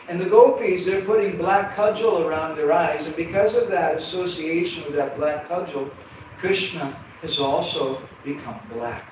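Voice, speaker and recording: A man telling a devotional story in an animated way, with humorous asides to his audience. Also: a little high. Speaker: storyteller speaker. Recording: echoey hall from far off, background hum.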